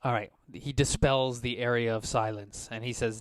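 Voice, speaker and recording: A man's voice: medium pitch, fairly even intonation, normal speed. A man acting as game master, narrating scenes and speaking for council members and guards.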